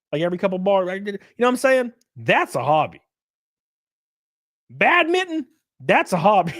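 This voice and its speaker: A young man streaming, ranting casually with lots of swearing, jumping between loud outbursts and low mutters. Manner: profane, ranting, swings between loud and mumbled. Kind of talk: casual livestream chat.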